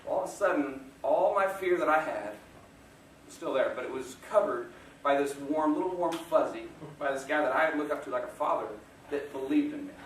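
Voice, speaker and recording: A man with a highish, expressive voice speaks a little fast as a guest speaker delivering a motivational talk. He chuckles often and tells stories at his own expense, recorded in an echoey room on a distant mic with slight background noise.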